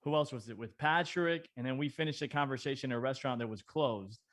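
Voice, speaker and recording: A man's voice: mid-range voice, quick pace, a bit bright. A man co-hosting a podcast, chatty and teasing in a casual interview. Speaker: guest co-host.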